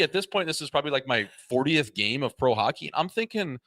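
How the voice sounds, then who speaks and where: A man co-hosting a hockey podcast, telling casual, animated stories about his pro career and swearing freely. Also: a little high, fairly quick, dry recording, studio quality. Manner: animated anecdotes with quoted voices, swears freely. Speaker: podcast co-host, former pro hockey player. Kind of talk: casual chat, storytelling.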